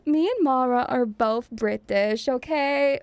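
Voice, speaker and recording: A woman's voice: sits high, takes it slowly, darkish tone, clean tone, no echo. A young woman from Eastern Europe streaming in a bubbly, teasing manner, giggling often and calling her viewers darling. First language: an Eastern European language. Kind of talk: casual live-stream chat.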